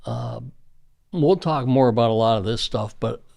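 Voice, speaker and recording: A man's voice: medium pitch, wildly swooping pitch, normal speed, creaky, mellow. A middle-aged man, a school safety official, earnestly reminiscing in conversational storytelling with frequent fillers.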